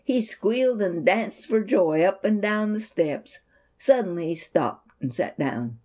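A woman reading a Christian children's story aloud in an expressive storytelling manner. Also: medium pitch, a little slow.

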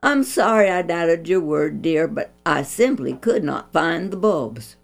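Woman reading as a strict country mom, emphatic, lively pitch. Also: unhurried, creaky, heavily acted. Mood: amused. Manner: emphatic, scolding. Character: stern country mother, scolding then warm.

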